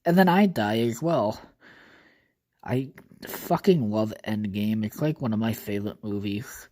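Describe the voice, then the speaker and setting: A man talks alone into his podcast mic in a loose, wandering monologue. His voice has a mellow, soft-edged tone. He swears freely and fills the gaps with "uh" and "like.". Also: fairly low pitch, a little slow. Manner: rambling, casually profane, thinks aloud with fillers. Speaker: podcast host. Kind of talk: casual solo podcast monologue.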